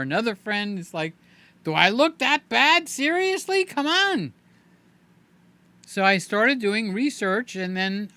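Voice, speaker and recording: Animated, chatty man in his seventies. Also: sits high. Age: 70s. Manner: chatty, animated, joking asides. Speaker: live-stream host. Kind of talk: casual live-stream chat.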